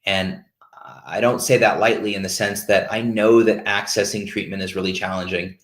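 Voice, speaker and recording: Candid man with a low, roomy voice. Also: steady tone, moderate pace. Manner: open, searching, stops and restarts often. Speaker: host of a peer support call. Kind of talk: candid casual talk. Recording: roomy echo.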